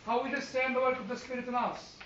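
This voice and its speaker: A man with a very high voice moves at a quick pace through a church Bible class discussion, animated, full of questions and self-deprecating jokes. Slight background noise accompanies the dull, echoey pickup from a far-off room mic.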